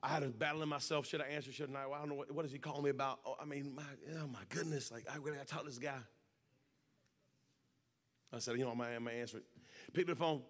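A man's voice: medium pitch, steady tone, rapid-fire. A man preaching a sermon at a church service, telling a personal story and speaking straight to the congregation. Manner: earnest personal storytelling, addresses congregation directly.

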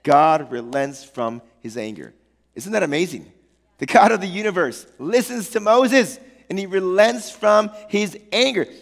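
A man preaching from the pulpit, his high voice roughened with a gravelly edge. He retells the story with animated energy and playful slang asides. The sound carries the long reverb of a large hall. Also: unhurried. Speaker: pastor. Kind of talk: sermon.

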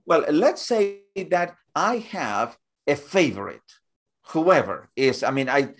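A man talking as a guest in an interview, halting and repeating words as he builds up examples. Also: fairly high pitch, sing-song. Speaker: guest speaker. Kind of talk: conversational interview.

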